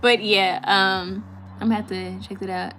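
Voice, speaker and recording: A woman's voice: mid-range voice, flat delivery, sharp tone, faint music behind. Woman, live-stream host, casual chat, giggly, talkative, reading comments aloud, mid-range voice. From California. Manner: chatty, giggly, with many fillers and quick repeats. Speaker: tarot reader hosting a live stream.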